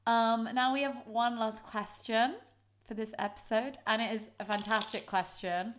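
A woman's voice: on the high side, fairly even intonation, normal speed. Giggly woman podcast host. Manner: chatty and giggly, many likes. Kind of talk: casual chat. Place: home. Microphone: podcast microphone.

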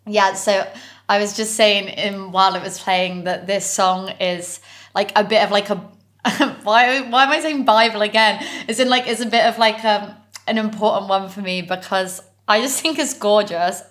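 A woman's voice: medium pitch, fairly bright tone. A woman co-hosting a podcast from London in casual chat, giggly and full of fillers. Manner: chatty, giggly, many fillers. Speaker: podcast co-host.

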